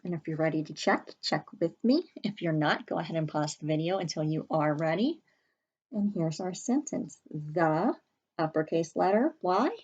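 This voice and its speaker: Here the spelling teacher sounds deep, husky and slightly mellow, speaking at normal speed through dull audio. She carefully sounds out letters and words at a whiteboard for young children in an early-grade lesson.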